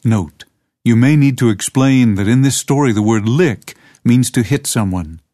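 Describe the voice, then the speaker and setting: A man calmly reading scripted instructions for teachers in a clear, even voice. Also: mid-range voice, normal speed, no echo, clean studio sound. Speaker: teacher manual narrator.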